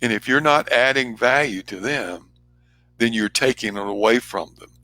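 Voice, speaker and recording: A man speaking as a trainer, giving an earnest motivational talk with emphatic, shifting pace and loudness. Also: mid-range voice, moderate pace.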